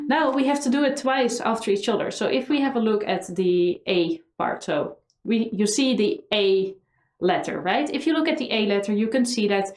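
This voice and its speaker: A woman teaching a violin lesson, chanting practice rhythms slowly and coaxing students in a playful, encouraging way. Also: mid-range voice. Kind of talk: online music lesson. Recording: roomy echo, violin music behind.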